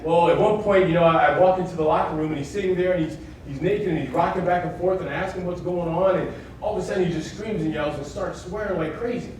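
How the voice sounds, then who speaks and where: An unbothered, casual male manager talking things down in an offhand way, as a lecturer quotes him. The voice sits a little high and rings out through an echoey hall, picked up from far off. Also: quick pace, darkish tone, slight background noise, lightly acted. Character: plain-spoken male workplace manager, unbothered.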